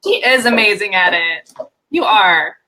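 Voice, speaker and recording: A young American woman from Oregon, chatting as a guest on a live stream, relaxed and laughing often with many ums. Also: medium pitch, a little slow, rough recording. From Oregon, USA. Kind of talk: casual live-stream chat.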